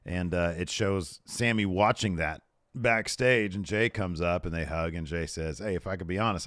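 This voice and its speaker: A man with a very low voice talks through last night's wrestling show in a loose, chatty podcast way. He retells backstage scenes by quoting each wrestler and laughs easily. The sound is dry and close, with no room around it. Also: a bit bright, no echo. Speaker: podcast co-host. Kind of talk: casual recap of a wrestling show.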